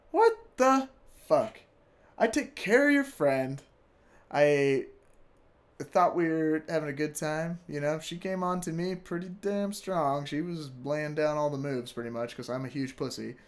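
A young man telling a story casually, animated and profane, laughing often and acting out what people said. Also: on the high side, normal speed.

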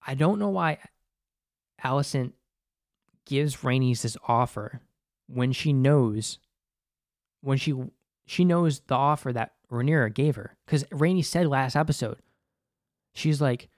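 A man's voice: mid-range voice, a little slow, long pauses, no room sound, clean studio sound. A man giving casual, rambling commentary on a TV episode, exasperated and swearing often, with a lot of filler words. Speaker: TV episode reviewer.

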